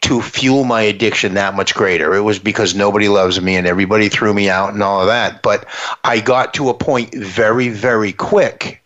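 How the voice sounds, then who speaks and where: A man's voice: lowish voice, steady tone, normal speed, fairly bright tone. A man speaking earnestly and reflectively, often restarting his phrases. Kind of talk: conversational interview talk. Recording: dull lo-fi sound.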